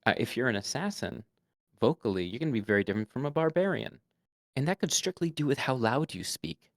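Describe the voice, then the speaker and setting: A man's voice: medium pitch, a little fast, dry recording, studio quality. A man and game master, a guest giving casual tabletop roleplay advice and showing voices as he goes. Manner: animated, demonstrates voices.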